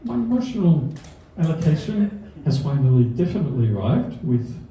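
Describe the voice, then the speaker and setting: A man's voice: on the high side, sing-song, normal speed, mellow, a little hiss or hum. Dry-witted man telling science jokes onstage. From Australia. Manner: dry self-deprecating humor, chuckles at his own jokes. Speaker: university researcher giving a comedy science talk. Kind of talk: stand-up science talk. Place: comedy venue stage before a live audience. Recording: echoey hall, mic from a distance.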